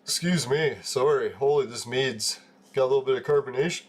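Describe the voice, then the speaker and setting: A man's voice: mid-range voice, fairly quick, breathy edge. A man hosting a live game stream, chatting casually with viewers, chuckling often and swearing offhandedly. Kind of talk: casual live-stream chat while gaming.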